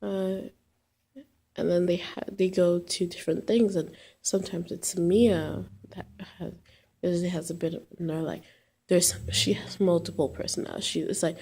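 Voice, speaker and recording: A woman's voice: fairly low pitch, flat delivery, normal speed, gravelly, darkish tone, breathy edge. A woman casually telling a personal story, rambling with many fillers and restarts.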